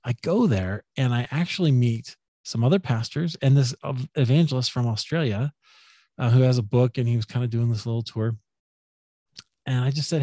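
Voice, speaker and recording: A man's voice: moderate pace, dry recording, clean studio sound. A man being interviewed as a podcaster, telling stories casually and animatedly, acting out what people said. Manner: animated, acts out quoted speech with jumps in pitch. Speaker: podcaster and guest.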